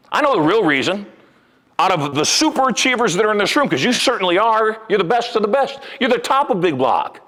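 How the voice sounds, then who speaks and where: A man giving a live motivational talk to a room of sales agents, telling stories in an animated way with sudden loud bursts. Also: high voice. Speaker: motivational speaker. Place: large event hall. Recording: long hall reverb.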